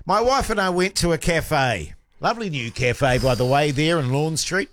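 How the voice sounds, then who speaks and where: A man chatting on a podcast, telling an animated, indignant story that builds into shouted protest. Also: a little high, moderate pace. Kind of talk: casual chat among friends.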